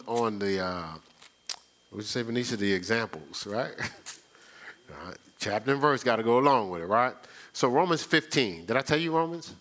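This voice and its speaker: In a church sanctuary, a pastor with a sharp-toned, mid-range voice preaches a conversational sermon. He tells stories in a folksy, chatty manner and often repeats himself.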